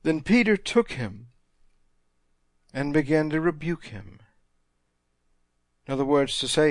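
A man's voice: on the high side, big pitch swings, no echo, clean studio sound. A man preaching a sermon, reading scripture and retelling it in plain, emphatic paraphrase. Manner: slow, emphatic Bible teaching with paraphrased dialogue.

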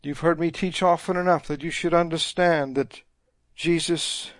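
Recorded cleanly in a studio without echo, a man with a fairly high, steady voice teaches from scripture. He reads passages, then slowly and emphatically paraphrases the dialogue in plain language.

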